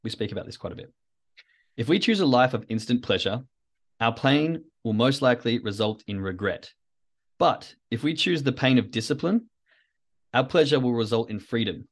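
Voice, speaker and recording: A man at a middling pitch hosting a solo podcast. He rambles and reflects and coaches himself aloud as he talks things through. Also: expressive, normal speed. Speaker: podcast host.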